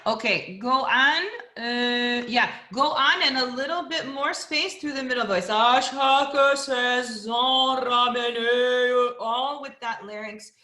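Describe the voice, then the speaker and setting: Bright-voiced woman coaching opera singing. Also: a little high, animated, a little slow, hardly any pauses. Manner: encouraging, demonstrates phrases by singing. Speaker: voice teacher. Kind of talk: opera master class coaching. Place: home over a video call. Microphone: video call. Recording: echoey room over a video call.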